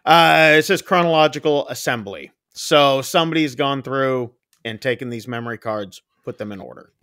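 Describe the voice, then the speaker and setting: A man's voice: medium pitch, moderate pace, sharp tone, no echo, studio quality. A man co-hosting a horror film podcast, recapping a movie in casual chat and acting out screams and quoted lines. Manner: rambling, acts out screams and quotes. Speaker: podcast co-host.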